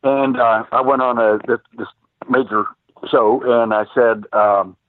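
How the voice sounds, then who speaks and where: Here a retired cop who became a private investigator calls in to chat, his stories wandering with lots of fillers and false starts. He is an older man with a medium-pitched, steady voice and a measured pace, heard on a dry, tinny telephone line.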